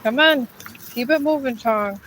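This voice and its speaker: A woman's voice: high-pitched, measured pace, noisy background. Weary woman coaxing her dog outdoors. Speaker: dog owner livestreaming a walk. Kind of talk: casual live vlog. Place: outdoors on a hilly street walk.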